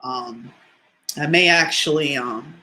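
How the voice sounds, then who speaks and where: A woman's voice: deep voice, takes it slowly, bright, forceful tone. Woman, motivational speaker, heartfelt livestream storytelling, emotional but candid. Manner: emotional, close to tears, laughs through it; candid, conversational, addresses listeners directly.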